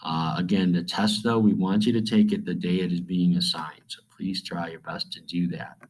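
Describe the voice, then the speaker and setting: A man's voice: sits low, fairly even intonation, normal speed, rough recording. A man teaching, going over study points for his students in a plain conversational way, with frequent fillers and "okay?" checks. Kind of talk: recorded review lesson for students.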